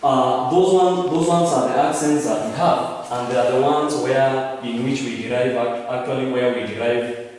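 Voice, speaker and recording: A man teaching a French language lesson, talking slowly, often repeating words and correcting himself. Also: medium pitch, a little mellow. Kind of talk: classroom lecture. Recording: echoey room, far from mic.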